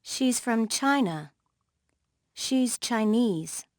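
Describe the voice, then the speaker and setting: A woman reading textbook words and model sentences with clear pronunciation. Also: a little high, lively intonation, extremely slow, dry recording, clean studio sound. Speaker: course narrator.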